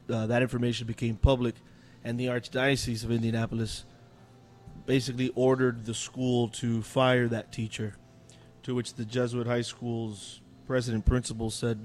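A man's voice: medium pitch, flat delivery, normal speed, darkish tone. A man on a podcast panel, laid-back and plain-spoken in casual chat.

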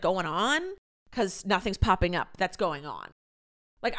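A woman's voice: mid-range voice, fairly bright tone. A young woman hosting a solo podcast, rambling and exasperated in a casual rant. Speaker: podcast host. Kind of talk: solo podcast outro chat.

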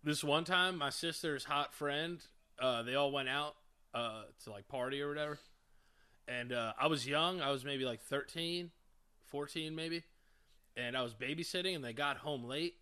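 A man co-hosting a podcast, his voice sitting a little high with a sharp, very bright edge. He tells stories in a loose, offhand way with plenty of casual swearing. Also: moderate pace, smooth. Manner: loose, profane storytelling. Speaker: podcast co-host. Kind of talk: casual chat.

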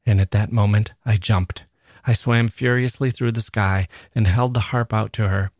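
A man, a podcast host, giving a measured and expressive first-person reading of a literary short story. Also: on the low side, no room sound, studio quality.

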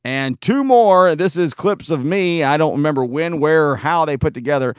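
A man's voice: fairly high pitch, lively intonation, normal speed, background noise. A man hosting his own podcast in casual chat, rambling with frequent fillers and laughing as he goes. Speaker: podcast host.

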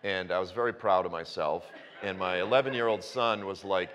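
A man in his fifties preaching a sermon, telling stories with self-mocking humor and breaking into sudden high outbursts. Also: fairly quick, background noise. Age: 50s. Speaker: pastor. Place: church sanctuary. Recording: long reverb of a church hall.

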